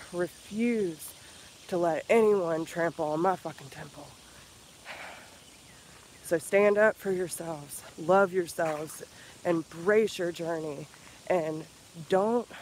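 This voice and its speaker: A man giving an earnest, profane motivational talk in a casual vlog, slowing down and repeating himself for emphasis. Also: sits high, darkish tone, a little hiss or hum, low-quality recording. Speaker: spiritual healer vlogger.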